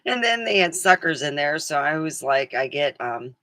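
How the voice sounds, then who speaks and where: Chatty middle-aged woman, bright voice. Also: low voice, very animated, moderate pace, no echo. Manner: chatty, laughs often, acts out quotes. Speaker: vlogger. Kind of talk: casual rambling chat.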